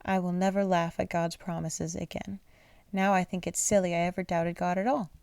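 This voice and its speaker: Old humble mom in a bedtime bible story, woman reading plainly, low mellow voice. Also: little pitch movement, moderate pace, vocal fry, clear, resonant tone, dry recording. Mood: joyful. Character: Sarah, elderly mother, joyful and humble.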